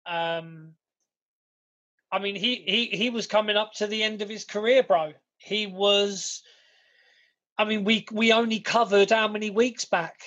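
A man's voice: high-pitched, a little slow, lo-fi sound. A man co-hosting a podcast, chatting casually, swearing freely and acting out quotes. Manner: swearing, excitable, acts out quotes. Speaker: podcast co-host. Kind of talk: casual chat.

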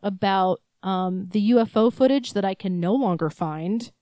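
A woman's voice: mid-range voice, normal speed, no room sound. Rambling young woman storyteller. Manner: rambling, swears freely, animated storytelling. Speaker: podcast co-host. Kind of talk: casual chat.

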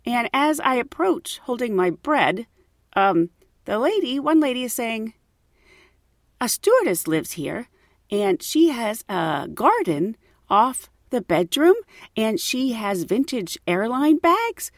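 A woman tells funny personal stories in a lively, swooping voice that sits a little high. She laughs often and acts out her own thoughts as she goes. The sound is close and dry, with no room around it. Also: takes it slowly, dry recording. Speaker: host telling stories. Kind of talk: casual storytelling.

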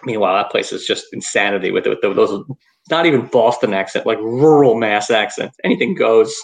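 A man's voice: on the low side, brisk. A man with a New York accent trading dry, joking quips in a casual podcast chat. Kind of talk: casual comedic banter.

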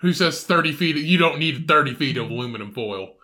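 A man's voice: on the high side, lively intonation, fairly quick, sharp tone. A man co-hosting a podcast, talking in a profane, mocking, jokey way. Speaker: podcast co-host. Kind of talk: casual chat.

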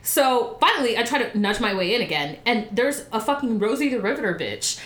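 A woman's voice: a little high, a little fast, roomy sound. A woman casually telling a story, swearing freely and acting out quotes in different voices. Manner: animated, profane, acts out quotes in voices.

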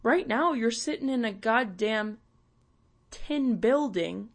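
A woman's voice: on the high side, lively intonation, takes it slowly. A young woman from Canada, hosting and ranting bluntly with swearing and sarcasm. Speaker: podcast host. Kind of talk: ranting monologue.

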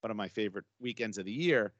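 A man's voice: lowish voice, animated, fast talker, fairly bright tone, no room sound, highs cut off. A middle-aged man co-hosting a podcast, telling a story in casual banter with lots of fillers and restarts. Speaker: podcast co-host. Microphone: close podcast mic.

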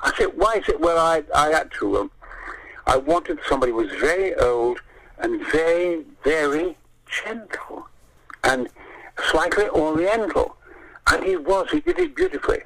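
A man's voice: fairly high pitch, sing-song, moderate pace, vocal fry, a bit bright, rough recording. An older man telling theatrical show-business stories, swearing freely and acting out the voices of the people in them. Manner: theatrical storyteller, swears often, acts out voices. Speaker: interview guest. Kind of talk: animated anecdote telling.

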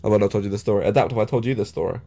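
A man's voice: on the low side, rapid-fire, creaky, mellow. A young English man co-hosting a podcast, chatty and swearing freely as he tells stories with frequent laughs. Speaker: podcast co-host. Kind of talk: casual podcast chat.

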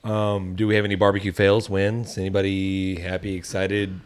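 Low-voiced man steering the show. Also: completely flat delivery, normal speed, clean tone. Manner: laid-back, steers the show. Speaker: podcast host. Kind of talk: casual chat.

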